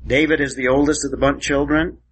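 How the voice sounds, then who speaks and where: Husky male teacher quizzing a class. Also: mid-range voice, steady tone, brisk, poor audio. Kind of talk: classroom lecture.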